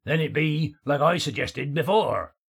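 Brief: man voicing a gruff audiobook warrior, gravelly, hoarse, blunt and resolute. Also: a little high, lively intonation, measured pace, full character voice. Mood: determined. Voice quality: gravelly, rough dialect grammar. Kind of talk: audiobook character voice.

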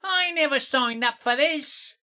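A man voicing a wry, sardonic skeleton in an audiobook, in a high, thin put-on voice. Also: measured pace, bright, forceful tone, full character voice. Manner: dry, sardonic. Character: wry undead male skeleton. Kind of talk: audiobook character voice.

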